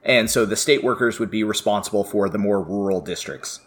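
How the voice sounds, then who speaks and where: A man's voice: on the low side, a little fast, a bit bright. A middle-aged man, a professor and guest, telling stories in casual podcast chat and laughing often. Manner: chatty storyteller, laughs often.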